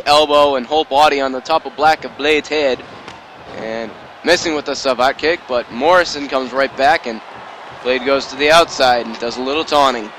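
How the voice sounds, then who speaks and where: A man calling wrestling play-by-play in an excited, rambling amateur style, full of asides and self-corrections. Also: medium pitch, normal speed, slight background noise, rough recording. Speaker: play-by-play commentator.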